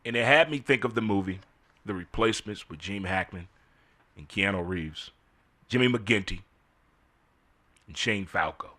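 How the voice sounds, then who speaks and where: A man's voice: on the low side, moderate pace, pauses often, bright, forceful tone. A middle-aged man hosting a casual solo commentary, full of incredulous rhetorical questions. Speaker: host.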